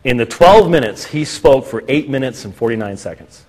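Man, mid pitch, speaker telling anecdotes in a reverberant hall. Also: moderate pace, husky. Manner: animated storytelling, acts out quotes. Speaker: speaker presenting to an audience. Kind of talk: lecture with anecdotes. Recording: echoey hall.

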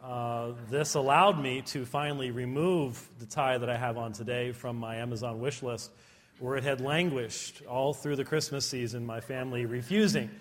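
Speaking at a normal pace in a mid-range voice, a conference speaker lectures before a live crowd and drops in funny, self-mocking remarks. The hall gives the audio a long reverb.

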